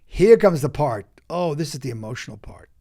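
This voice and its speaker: A man, an acting coach, speaking as a podcast guest and telling stories in an emphatic, animated way, with quick bursts and restarts. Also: a little high. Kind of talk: animated interview storytelling.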